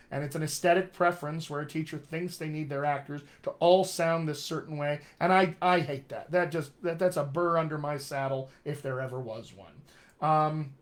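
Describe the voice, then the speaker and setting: A man who is a dialect coach, giving a conversational, opinionated live-streamed lesson on accents. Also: on the high side.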